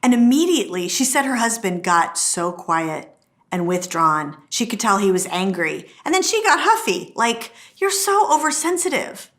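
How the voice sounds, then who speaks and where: A middle-aged woman teaching a marriage course, telling stories and acting out quotes with a lively delivery. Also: medium pitch, normal speed. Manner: lively storytelling, acts out quotes. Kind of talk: teaching talk to camera.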